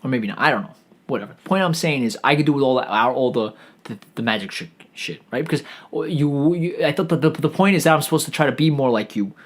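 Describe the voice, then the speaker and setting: A man's voice: mid-range voice, fast. A man streaming a rambling, profane comedic rant, full of stammered restarts and swearing.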